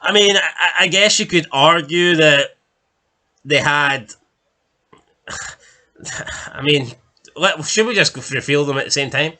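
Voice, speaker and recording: Pausing often and speaking a little slowly, a podcast co-host rambles through a casual chat ranking TV deaths, peppering it with swear words and fillers. His fairly high voice comes across bright and pushed.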